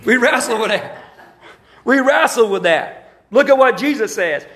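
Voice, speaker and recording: High-voiced Southern preacher, bright and echoey. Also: male voice, expressive, a little slow. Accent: Southern US (Alabama). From Alabama, US South. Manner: call-and-response preaching, rising emphatic lines, folksy asides. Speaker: pastor. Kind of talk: sermon. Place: church sanctuary.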